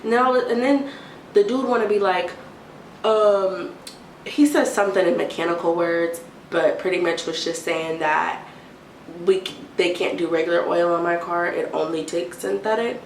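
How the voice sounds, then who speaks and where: A young adult woman telling an exasperated storytime rant, animated and mimicking a timid whisper now and then. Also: lowish voice, moderate pace. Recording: roomy, distant, faint hiss.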